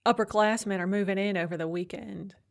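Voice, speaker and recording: A woman's voice: medium pitch, steady tone, brisk, gravelly, natural voice. Woman reading a blunt, teasing female friend.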